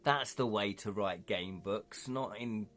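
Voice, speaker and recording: A man's voice: on the low side, slow pace, a bit bright. A man hosting a live stream, reading a gamebook aloud and chatting with viewers, laughing often. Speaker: livestream host reading a gamebook.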